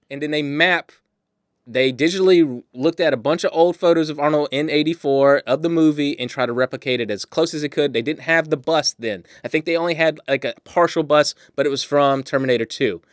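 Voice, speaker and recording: A man co-hosting a podcast, casually and excitedly retelling a movie's plot. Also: fairly high pitch, brisk, clean tone, no room sound, clean studio sound. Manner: animated storyteller, swears, acts out lines. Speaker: podcast co-host. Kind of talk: casual movie-recap chat.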